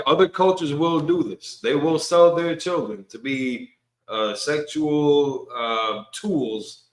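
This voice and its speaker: A man's voice: mid-range voice, a bit bright, roomy sound. A man leading an informal Bible study, speaking loosely and with jokes and slang. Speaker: Bible class teacher. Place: room at a religious gathering.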